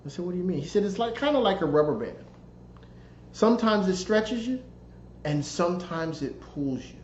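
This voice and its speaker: A man narrating his own book in a conversational storytelling way, relaxed and folksy, with restarts and repeated phrases. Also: high voice, moderate pace, roomy sound, lo-fi sound, slight background noise.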